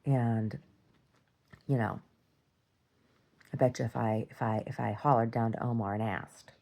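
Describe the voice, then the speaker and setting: A woman's voice: a bass voice, steady tone, unhurried, vocal fry, long pauses, warm tone. A woman rambling through a casual, self-deprecating video diary at home. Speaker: video diarist.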